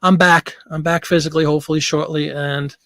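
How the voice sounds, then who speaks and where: A man's voice: on the high side, flat delivery, fairly quick, a bit bright, dry recording. Breathless chatty man hosting a live stream. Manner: chatty, reads viewer comments. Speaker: livestream host. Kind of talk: casual live chat.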